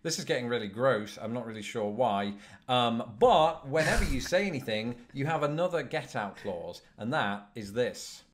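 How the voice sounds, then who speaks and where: A man from Britain presenting a video in a dry, articulate and wordy way, delivering deadpan jokes. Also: medium pitch, normal speed, few pauses, a little hiss or hum. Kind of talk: scripted presenting with dry humour.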